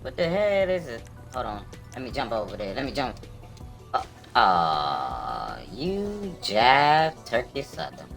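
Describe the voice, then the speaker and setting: A man using a squeaky voice changer while streaming a game, trash-talking loudly and crudely. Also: huge pitch swings, slow pace, gravelly, faint music behind, full character voice. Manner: loud crude trash talk, playful. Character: squeaky high-pitched trash-talking gamer.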